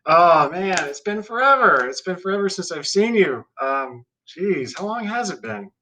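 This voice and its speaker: A man being interviewed as a guest, friendly and relaxed, trading jokes with the host. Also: sits high, normal speed, rough recording. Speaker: guest, technical director. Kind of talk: casual interview talk.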